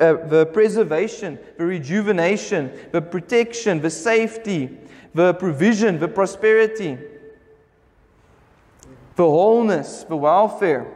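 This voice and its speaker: A man preaching a sermon as pastor, speaking emphatically and slowing right down whenever he reads scripture aloud. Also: sits high, long reverb tail. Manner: emphatic preaching, slows down when reading scripture. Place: church hall.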